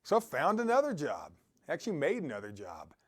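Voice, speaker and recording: Animated, high-voiced man giving a pep talk. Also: a little fast. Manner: upbeat, exhorting, laughs often; quotes scripture. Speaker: motivational speaker. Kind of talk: motivational talk.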